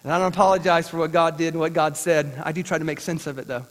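A man's voice: a little high, fast. A male pastor delivering a sermon in a conversational, folksy way with jokey asides. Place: church sanctuary. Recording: church hall reverb.

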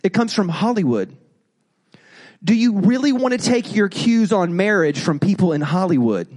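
A male pastor preaching a sermon in an animated way, acting out quoted voices. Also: high-pitched, normal speed.

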